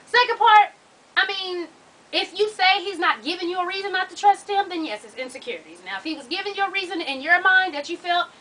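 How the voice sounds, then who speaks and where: A woman's voice: very high-pitched, fairly quick, bright, forceful tone, far from the mic, rough recording. A woman hosting an advice vlog, talking bluntly and sassily with plenty of profanity. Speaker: advice show host.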